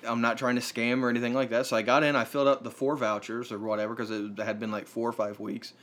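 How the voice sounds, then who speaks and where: A man recounts a frustrating run-in in a relaxed, rambling way. His sentences trail off and restart, full of fillers, and his voice sits in a middling pitch. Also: fast. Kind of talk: casual chat.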